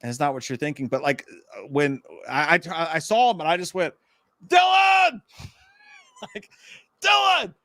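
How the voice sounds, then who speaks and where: A man co-hosting a casual livestream, telling stories with lively, loud bursts of impressions. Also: fairly high pitch, a little fast, no room sound. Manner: animated storytelling with loud shouted impressions. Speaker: podcast co-host.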